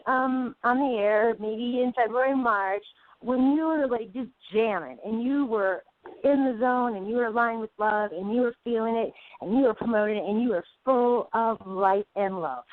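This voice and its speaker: A woman calling in to a radio show to give advice in rushed run-on sentences. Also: a little high. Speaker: caller offering advice. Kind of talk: casual advice on a call-in show. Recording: tinny phone line.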